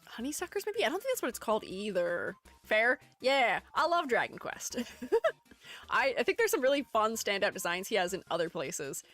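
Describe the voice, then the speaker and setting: A woman's voice: a little high, sing-song, moderate pace, a bit bright, faint music behind. A woman streamer chatting casually while critiquing art, rambling and giggling at herself. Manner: rambling, giggly, self-deprecating. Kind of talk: casual live-stream chat.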